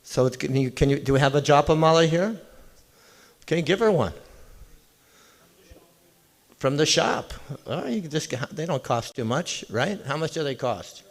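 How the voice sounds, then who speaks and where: A man's voice: on the high side, expressive, normal speed, long pauses. A man giving an informal devotional talk in a temple hall, chatting with and questioning his listeners directly. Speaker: visiting temple speaker.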